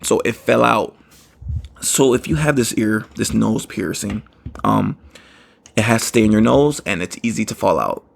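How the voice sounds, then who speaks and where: Low gravelly guy rambling through a story on his podcast, lots of you know what i mean. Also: moderate pace. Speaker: podcast host. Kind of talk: casual storytelling monologue.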